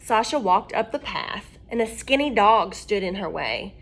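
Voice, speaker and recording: A woman reading a children's storybook aloud, expressive and asking her listeners questions. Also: mid-range voice, unhurried, slightly rough.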